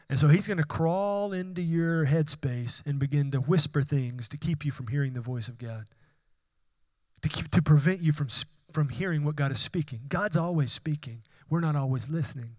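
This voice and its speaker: A man's voice: a little high, darkish tone, muffled recording. A man preaching a sermon, speaking in an earnest, conversational way with frequent restarts. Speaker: pastor.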